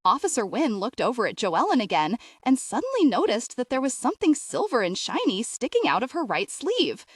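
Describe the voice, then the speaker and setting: A woman narrating a fiction audiobook with expressive storytelling. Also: a little high, breathy edge, no room sound, clean studio sound.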